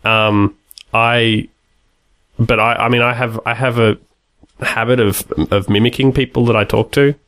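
A man's voice: medium pitch, steady tone, a little slow, fairly bright tone. A man chatting on a podcast, hesitant with frequent restarts. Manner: hesitant, many restarts and fillers. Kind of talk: casual chat.

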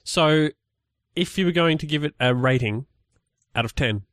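In this casual podcast chat, a male co-host rambles, often restarting and filling pauses. He speaks at a moderate pace with a fairly high pitch and a fairly bright tone, recorded at studio quality with no room sound.

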